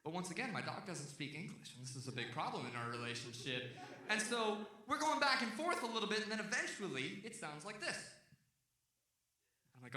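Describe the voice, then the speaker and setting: Young man, stand-up comedian, from Texas, high lively voice, echoey and distant sound. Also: a little fast. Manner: animated, shouting voices of the people in his story. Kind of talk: stand-up storytelling. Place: comedy stage before a live audience. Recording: echoey venue heard from a distance.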